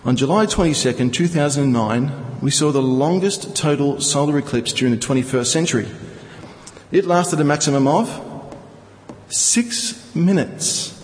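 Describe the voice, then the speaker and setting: A man's voice: fairly high pitch, lively intonation, moderate pace, long reverb tail, low-quality recording. A male preacher teaching from scripture, reading verses and explaining them with rhetorical questions. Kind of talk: Bible teaching sermon.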